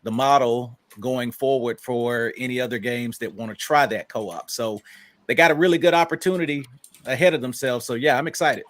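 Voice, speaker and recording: A man on a gaming podcast panel, explaining his thoughts in a measured way. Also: medium pitch, a bit bright. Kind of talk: casual panel chat.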